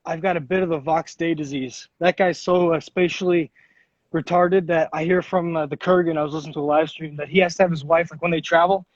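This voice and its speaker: A man's voice: on the high side, fairly even intonation, fairly quick, dry recording. A young man telling stories in casual chat, swearing often and acting out the voices of people he quotes. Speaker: podcast host. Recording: dull lo-fi sound.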